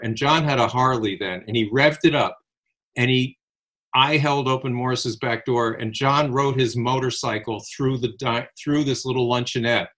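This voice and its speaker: Man, older, rambling storyteller, animated, mid-pitched. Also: normal speed. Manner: animated, rambling anecdotes with restarts and laughs. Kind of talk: casual conversational storytelling.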